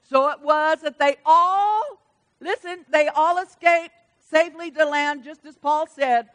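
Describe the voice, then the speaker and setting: A woman pastor preaching a sermon at a church service, swinging from loud emphatic calls to soft, hushed lines. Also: sits high, a little slow.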